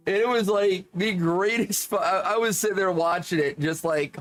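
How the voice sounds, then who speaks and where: A man's voice: high-pitched, normal speed, few pauses, fairly bright tone, soft background music. A man chatting casually while gaming, rambling, joking and swearing freely. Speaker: gaming streamer.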